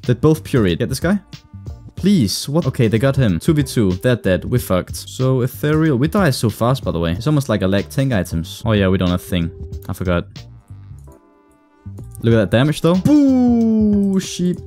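Excitable gamer guy with lively swings. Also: mid-range voice, moderate pace, soft background music. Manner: excitable, swears often, sudden loud outbursts. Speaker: gaming YouTuber. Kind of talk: live gameplay commentary.

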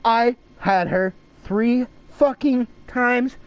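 High-pitched shouty young gamer guy. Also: very slow, clear, resonant tone, poor audio. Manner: loud, profane, excitable yelling. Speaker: gaming video host. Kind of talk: horror game let's play commentary.

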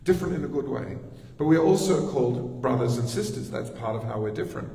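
An Australian man, a pastor, preaches in the church sanctuary in a chatty way, tossing asides to the congregation. His mid-range voice is mellow, with lively intonation and a fast pace. The distant mic picks up the echo of the church hall.

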